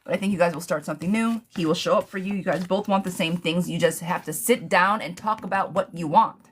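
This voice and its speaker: A woman hosting a live tarot stream, chatting casually and affectionately, with many pet names for her viewers and quick, animated bursts of talk. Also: fairly low pitch, a little hiss or hum. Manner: animated, talks fast in bursts, laughs often.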